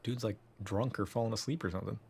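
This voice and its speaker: A man's voice: lowish voice, fast, creaky, a little mellow, slightly rough. A young man casually commenting on a game he is streaming, laughing often and saying "like" a lot.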